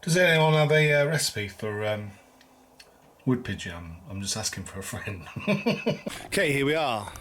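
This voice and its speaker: A man's voice: mid-range voice, very animated, normal speed, long pauses, a bit bright. A man chatting casually in a home video diary, rambling and self-mocking. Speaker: vlogger.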